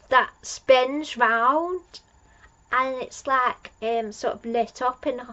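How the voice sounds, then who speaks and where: Slow, gushing woman on lo-fi mic. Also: on the high side, fairly even intonation, sharp tone. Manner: gushing, rambling with many fillers and restarts. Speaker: fan reviewer. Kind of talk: casual episode recap.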